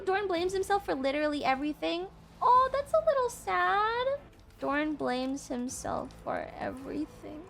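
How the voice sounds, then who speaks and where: A young woman streams live to her chat in a very high, swooping voice. She is highly emotive, laughs often, swears freely and takes her time with her words. Faint music plays behind her. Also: a bit bright.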